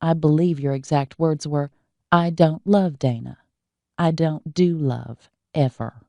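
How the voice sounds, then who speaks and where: A woman voicing a blunt young woman who prods pointedly and slowly in an audiobook. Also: deep voice, dark tone, no echo, dull audio. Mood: prodding. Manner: pointed, slow, prodding.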